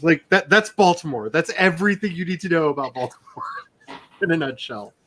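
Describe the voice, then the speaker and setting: A man's voice: on the high side, animated, a little fast, a bit bright. A man in casual chat, teasing his friends and telling long, rambling stories. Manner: teasing, rambling anecdotal storyteller.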